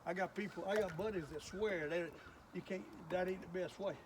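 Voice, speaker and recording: A man's voice: sits high, fairly even intonation, fairly quick. An older man chatting folksily as he fishes outdoors on a lake, exclaiming at each bite. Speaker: fishing video host. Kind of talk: casual fishing commentary. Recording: outdoor ambient noise.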